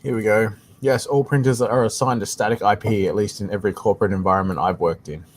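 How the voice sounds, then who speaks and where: A man's voice: lowish voice, steady tone, quick pace, a little hiss or hum. A man with an Australian accent co-hosting a live tech Q&A stream, explaining things casually and often saying "like I said". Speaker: tech support co-host.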